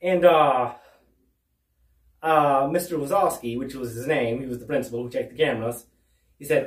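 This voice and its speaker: Rambling comedian telling a story at home. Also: male voice, medium pitch, moderate pace, pauses often, recorded from a distance. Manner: rambling, full of restarts and "right?" asides. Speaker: stand-up comedian. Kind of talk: stand-up storytelling. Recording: roomy, away from the mic.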